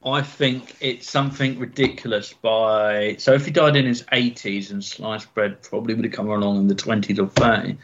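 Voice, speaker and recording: A man's voice: lowish voice, fairly even intonation, moderate pace, hardly any pauses, fairly bright tone. A man co-hosting a comedy podcast, rambling and laughing in casual chat. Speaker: podcast co-host. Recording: dull lo-fi sound.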